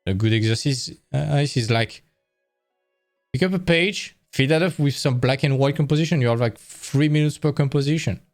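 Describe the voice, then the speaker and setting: Man, tired, casual stream talk, self-correcting, mid pitch, soft background music. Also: moderate pace. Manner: rambling, self-correcting, conversational. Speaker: art stream host.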